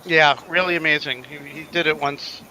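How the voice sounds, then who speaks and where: A man's voice: on the high side, steady tone, normal speed, bright, forceful tone, slight background noise, poor audio. A man hosting a casual livestream panel, telling easygoing, joking stories. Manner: chatty storyteller, easygoing and joking. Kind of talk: casual chat.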